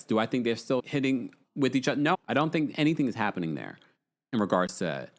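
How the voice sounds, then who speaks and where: A man hosting a casual livestream recap, chatting and reading viewer messages aloud. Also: medium pitch. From United States. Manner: chatty, reads viewer super chats aloud. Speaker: podcast host.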